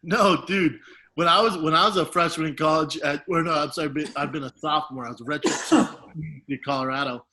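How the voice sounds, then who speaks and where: A man in his late thirties, co-hosting a podcast and telling embarrassing stories in a casual, profane, animated way, laughing as he goes. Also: on the high side, fast, low-quality recording. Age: 30s. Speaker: podcast co-host. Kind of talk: casual storytelling chat.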